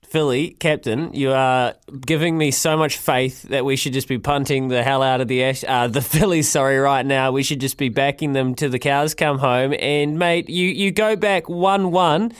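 A New Zealand man hosting a sports radio show, jovial and quick to laugh. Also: mid-range voice, steady tone, clear, resonant tone, no room sound, studio quality. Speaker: radio host.

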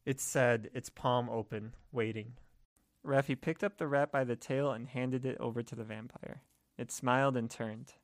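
A man narrating a scripted first-person horror story in a steady, measured way. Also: mid-range voice, dry recording, clean studio sound.

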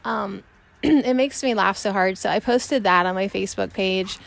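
Gravelly-voiced woman chatting casually. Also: medium pitch, normal speed, slight background noise. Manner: rambling, laughs often, chatty. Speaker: podcast host. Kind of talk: casual solo chat. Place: outdoors on a porch.

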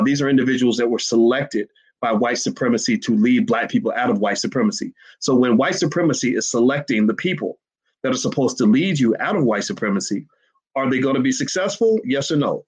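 A man's voice: medium pitch, lively intonation, fast, slightly rough, low-quality recording. A man giving emphatic livestream commentary to his chat, hammering points with repeated rhetorical questions. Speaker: finance commentator.

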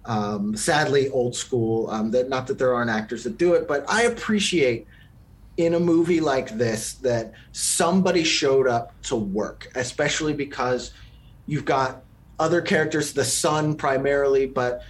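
A man's voice: medium pitch, moderate pace. A man co-hosting a podcast, giving his opinions in a casual film review chat and thinking aloud with frequent ums and restarts. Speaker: podcast co-host.

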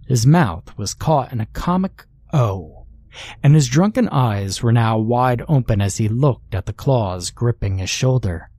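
Guy reading a creepy story real slow, mid-pitched voice, dry close sound. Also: expressive, dark tone, no echo. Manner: slow, measured, dramatic storytelling. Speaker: horror story narrator. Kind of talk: scripted horror narration.

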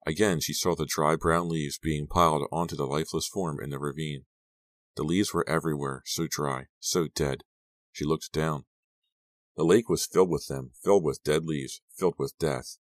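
A man narrating an audiobook with an extremely deep voice. He reads in a measured, even way. The recording is close and very dry. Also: dry recording.

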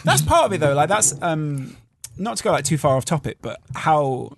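A man's voice: on the high side, big pitch swings, normal speed, gravelly, background noise. A man co-hosting a podcast, chatty and analytical, swearing casually. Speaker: podcast co-host.

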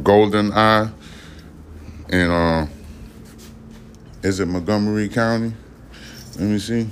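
A man with a deep, low-pitched voice hosts a casual news podcast. He reads headlines aloud, then wanders off into rambling, profane asides, talking straight to his listeners. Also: slight background noise.

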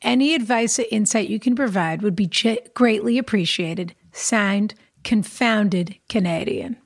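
A woman's voice: medium pitch, measured pace, no room sound, studio quality. A woman co-hosting an advice podcast, chatting playfully, laughing easily and reading a listener's letter aloud. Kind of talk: casual chat and letter reading.

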